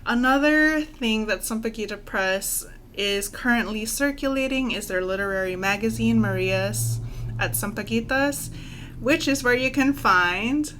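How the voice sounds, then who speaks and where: A woman co-hosting a relaxed podcast, her voice bright and clear. She listens attentively, murmuring agreement between her partner's lines. A faint hiss runs underneath. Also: on the high side. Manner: attentive listener with frequent soft affirmations. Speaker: podcast co-host. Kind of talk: casual chat and read recommendation.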